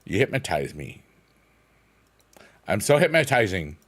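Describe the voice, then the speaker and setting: A man's voice: lowish voice, big pitch swings, unhurried, husky. A young man chatting casually on a live stream while gaming, rambling and playful with silly sing-song noises.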